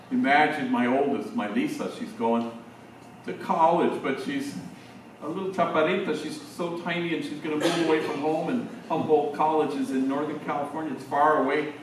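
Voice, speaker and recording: A man's voice: on the high side, steady tone, normal speed, a little hiss or hum. An older man, a priest, tells stories to a room of teachers in an easy, conversational way. His voice comes from a distance and rings through a very echoey hall. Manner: conversational, anecdotal with slang asides. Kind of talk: storytelling talk to teachers.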